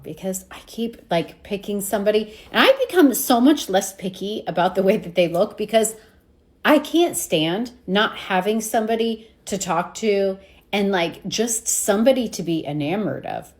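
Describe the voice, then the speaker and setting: A woman's voice: mid-range voice, big pitch swings, moderate pace. A woman chatting in a confessional vlog, venting about her love life with self-mocking humor.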